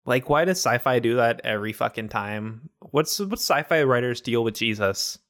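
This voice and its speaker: Casting note: mid-pitched man, animated, profane comic chatter. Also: normal speed. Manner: joking, swears freely, animated. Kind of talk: casual comedy chat.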